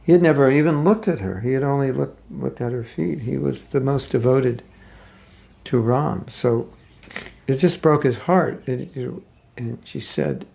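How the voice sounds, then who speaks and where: A man giving a conversational sermon, retelling a scripture story with halting asides. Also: medium pitch, creaky, a little mellow. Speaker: spiritual teacher.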